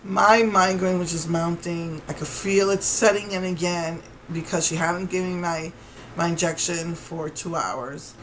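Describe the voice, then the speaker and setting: A woman's voice: on the low side, fairly even intonation, measured pace, fairly bright tone, slight background noise, poor audio. A woman vlogger telling a story to camera in an indignant, rambling way with many restarts.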